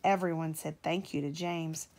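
A woman, a mother, reading a children's storybook aloud to her child in a gentle, measured way. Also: low voice, fairly even intonation.

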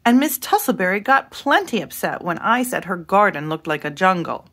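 A woman putting on an earnest little storybook girl who pleads her case in a sincere, sometimes lifted voice. The tone stays mild, middle-pitched and unfussy. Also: expressive, normal speed, fairly bright tone. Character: Libby, a young girl, earnest and candid.

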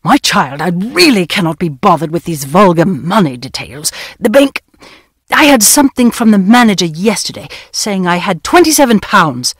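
A woman reading an audiobook, voicing an absent-minded, pedantic elderly male scholar who lectures and gently reproaches. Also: lowish voice, sing-song, normal speed, slightly rough, no room sound, clean studio sound. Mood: reproachful. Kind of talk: audiobook character voice.

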